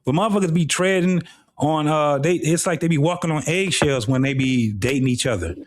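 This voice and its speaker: A man's voice: fairly high pitch, fairly quick, dry recording. A middle-aged man hosting a live talk show, speaking bluntly and casually with frequent profanity. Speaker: host.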